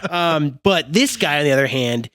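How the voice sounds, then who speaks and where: A man co-hosting a podcast, animated and swearing freely in casual chat. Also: on the high side, moderate pace, no echo. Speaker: podcast co-host.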